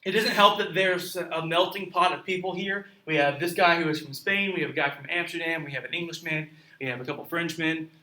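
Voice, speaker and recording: A man's voice: on the high side, fairly even intonation, fairly quick, pushed and bright. A man reading a story aloud and explaining it in a chatty classroom way, often asking his listeners questions. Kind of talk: classroom read-aloud with commentary. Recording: roomy echo, mic at a distance.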